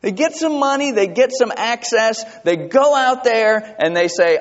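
A male pastor preaching a sermon, emphatic, asking his congregation rhetorical questions and reading scripture slowly. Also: high-pitched, big pitch swings. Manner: reads scripture slowly and deliberately. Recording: dull lo-fi recording with long hall reverb.

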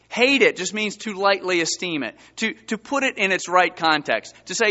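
A man's voice: sits high, animated, normal speed, few pauses, bright, forceful tone, muffled recording. A man preaching a sermon, reading Bible verses and pressing his listeners with rising emphasis. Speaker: pastor.

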